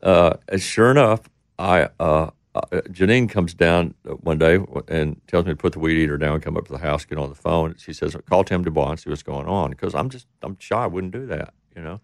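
A man's voice: sits low, brisk, dry recording, clean studio sound. A middle-aged man telling a rambling story in casual talk, acting out the voices of the people he quotes. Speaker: interview guest.

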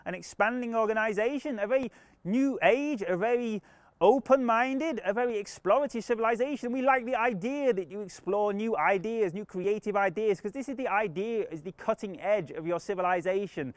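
A man's voice: high voice, fairly quick, dry recording, close to an everyday voice. A man channeling a benevolent alien collective. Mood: earnest. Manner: earnest, formal new-age pronouncements. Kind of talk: channeling session.

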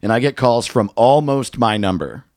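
Man, podcast co-host, lively joking delivery, dry close recording. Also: medium pitch, moderate pace, no echo. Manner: laughs often, animated and joking. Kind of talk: casual comedic chat.

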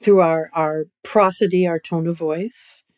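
On a podcast over a video call, a woman appears as a guest expert and gives a long conversational explanation. She keeps checking in with "right?" and often restarts her phrases. Her voice is on the low side, slightly mellow, clear and resonant, with fairly even intonation, a measured pace and a dry recording.

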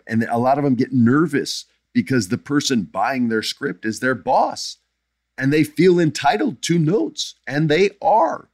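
A man's voice: medium pitch, dry recording, studio quality. A middle-aged man hosting a podcast, answering listener questions in blunt, emphatic casual chat that drifts into jokes.

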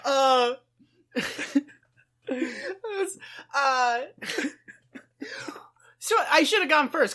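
Woman cohost joking around and swearing, bouncy lively voice, kinda high. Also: extremely slow, long pauses. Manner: joking, giggly, profane. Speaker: podcast co-host. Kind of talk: casual chat.

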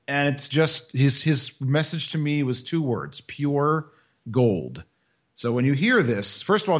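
A man's voice: medium pitch, highs cut off. A man co-hosting a casual sports podcast, joking and rambling, also reading a sponsor ad. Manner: joking, rambling, self-mocking. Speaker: podcast co-host and teacher.

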